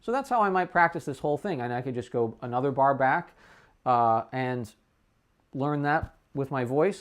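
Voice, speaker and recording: A man's voice: mid-range voice, animated, normal speed. A man, a music teacher, explaining how to practice a piece and singing the phrases on syllables between his explanations. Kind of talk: demonstrating practice method. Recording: dull lo-fi stream audio.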